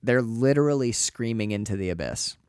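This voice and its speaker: A man's voice: medium pitch, animated, fairly quick, a little mellow, smooth, dry recording. A man hosts a casual film podcast, picking apart scenes with a wry, sarcastic edge and casual swearing. His voice sits in a middling range, and the recording is dry and close. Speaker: podcast host.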